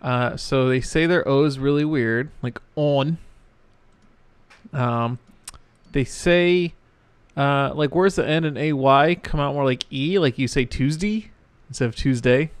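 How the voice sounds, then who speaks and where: Slow-talking man in dry casual chat. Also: mid-range voice, clean tone, dry recording. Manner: laughs often, chatty. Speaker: podcast co-host.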